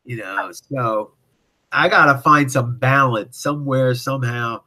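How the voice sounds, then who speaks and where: An older man chatting casually as a guest, halting and full of fillers. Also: medium pitch, bright, forceful tone. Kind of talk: casual interview chat.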